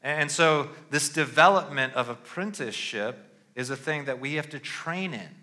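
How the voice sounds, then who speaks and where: Bright-voiced man preaching conversationally. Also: a little high, lively intonation, moderate pace. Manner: conversational, punctuates with "all right?". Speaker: pastor. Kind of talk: sermon.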